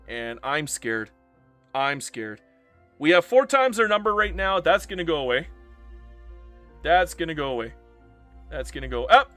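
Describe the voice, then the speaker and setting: A man streaming a strategy game live, narrating in a bright, fairly high and very lively voice. He talks in a theatrical, self-mocking way and swears freely, over faint background music. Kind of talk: live gameplay commentary.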